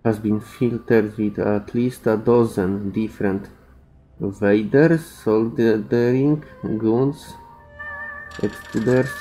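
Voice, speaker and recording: Non-native male gamer reading game text aloud, slow and unsure, dark tone. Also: on the low side, poor audio. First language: not English. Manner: slow, hesitant with fillers and restarts. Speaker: game player reading dialogue.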